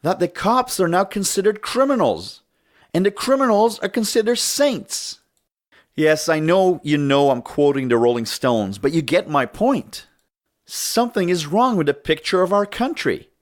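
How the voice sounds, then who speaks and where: A man's voice: high voice, animated, normal speed. Middle-aged guy doing a political monologue, worked up and emphatic, lots of rhetorical questions. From Northern California. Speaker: show host.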